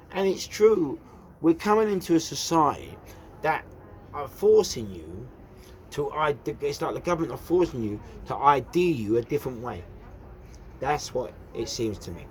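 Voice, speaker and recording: A man's voice: medium pitch, a little hiss or hum. A man with a London accent, hosting his own show and telling a story in a ranting, repetitive way full of rhetorical questions. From England. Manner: animated and repetitive, with rhetorical questions and shouted outbursts. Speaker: host. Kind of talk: casual storytelling monologue.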